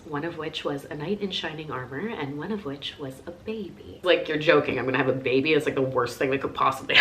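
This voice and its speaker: A woman in her thirties answering viewer questions in a casual, confessional chat, often dropping to a soft near-whisper. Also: low-pitched, distant mic, a little hiss or hum.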